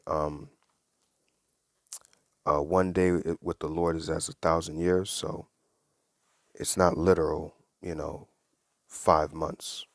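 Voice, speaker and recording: A man with a low, deep voice talks through scripture in a casual Bible study. He reads verses aloud and then explains them earnestly, in plain conversational speech. The sound is dry and close, with no room echo. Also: gravelly. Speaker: Bible teacher.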